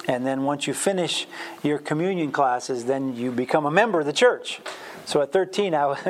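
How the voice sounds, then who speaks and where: A man's voice: on the high side, slight background noise. A man giving a conversational Bible teaching, chatty and self-deprecating, with plenty of fillers.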